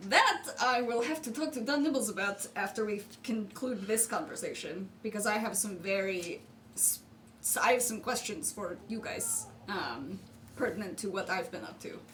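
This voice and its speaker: A woman's voice: medium pitch, normal speed, fairly bright tone, far from the mic, a little hiss or hum. A woman player chatting animatedly and laughing during a tabletop game. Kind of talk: casual tabletop game chat.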